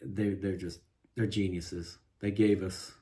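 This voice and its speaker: A guitar vlogger with a low, warm voice vents slowly in a flat delivery. His frustrated monologue rambles on with many restarts, asides, and "you know"s.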